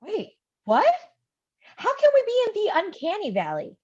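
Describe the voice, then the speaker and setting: A woman reading the part of an eager young aspiring writer who leads the group, full of quick questions, in a live play reading. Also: very high voice, wildly swooping pitch, a little mellow, lo-fi sound, exaggerated voice. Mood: excited.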